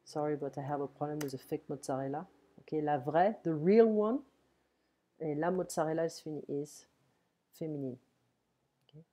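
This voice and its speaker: A woman with a French accent giving a relaxed online French lesson, explaining step by step and checking in with frequent "ok"s. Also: low voice. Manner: explains slowly, switching between French and English, with frequent "ok". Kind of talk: casual one-on-one French lesson. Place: home. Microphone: computer mic on an online call.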